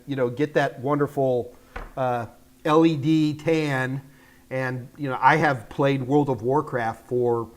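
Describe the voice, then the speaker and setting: An older man from the United States hosting a live tech Q&A, rambling in a chatty, self-deprecating way. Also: a little high. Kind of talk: casual livestream chat.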